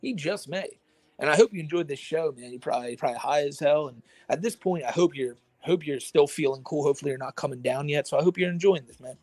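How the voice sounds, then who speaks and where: A man's voice: a little high, fast, a little mellow, dry recording. Laid-back swearing male stream co-host. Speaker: podcast co-host. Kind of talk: casual livestream banter.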